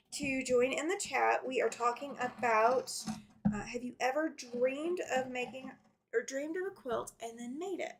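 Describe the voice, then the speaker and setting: A middle-aged woman hosts a casual quilting livestream, chatting while she sews, reading viewer comments aloud and laughing often. Her voice is high, with slight background noise.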